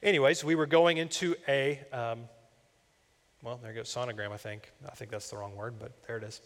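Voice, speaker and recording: A young campus minister preaches a sermon in a conversational, storytelling style full of personal anecdotes and asides. His medium-pitched voice is fairly even in intonation and a little fast. The long reverb of a large church hall surrounds the recording.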